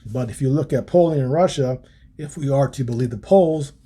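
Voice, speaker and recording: A man's voice: medium pitch, a little fast, dark tone, slightly rough. A man hosting a political podcast, reading from a policy paper and commenting on it in a casual way, with many ums and restarts. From United States. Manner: casual, frequent ums and restarts, wry asides. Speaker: podcast host.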